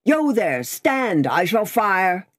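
A woman voicing a gruff, suspicious male coach guard who barks threats and challenges, in an audiobook. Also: sits low, expressive, a little slow, darkish tone. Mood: alarmed. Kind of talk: audiobook character voice.

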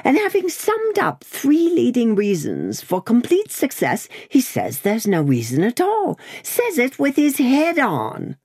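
Woman reading as a blustering male lawyer, pompous, slow and emphatic, audiobook voice. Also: a little high, huge pitch swings, darkish tone, breathy edge, no room sound, studio quality, pitched above the performer's own voice, heavily acted. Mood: indignant. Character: blustering proud middle-aged male lawyer. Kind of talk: audiobook character voice.

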